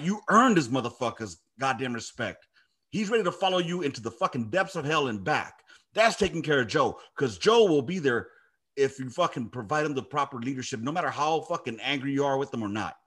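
His mid-range voice swings widely in pitch, slightly rough and a bit bright, at a somewhat fast pace. He's a middle-aged army veteran hosting a podcast, casually swapping stories laced with heavy, emphatic swearing.

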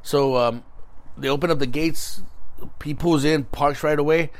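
A man co-hosting a podcast, telling a story in casual, animated chat, laughing often and swearing freely. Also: on the high side, unhurried. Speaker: podcast co-host.

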